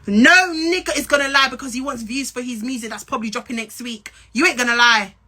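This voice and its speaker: A woman's voice: fairly high pitch, fast talker, pushed and bright. A young woman with a London and Essex accent, ranting straight to camera in a blunt, profane, confrontational way and repeating lines for emphasis. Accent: London and Essex English. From England. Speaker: social media personality. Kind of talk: angry direct-to-camera rant.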